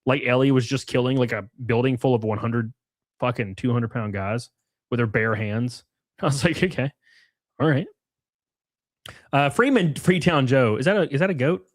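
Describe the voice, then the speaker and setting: A man's voice: medium pitch, moderate pace, dry recording. A man streaming live, reading chat and rambling through loose, crude takes with frequent laughs. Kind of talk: casual livestream chat.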